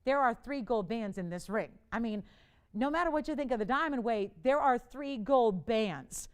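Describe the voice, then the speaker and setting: A woman hosting a live TV jewelry shopping show, pitching an auction in a chatty, playful way, laughing often and urging bidders on. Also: expressive, normal speed, smooth. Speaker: TV shopping host. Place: TV studio.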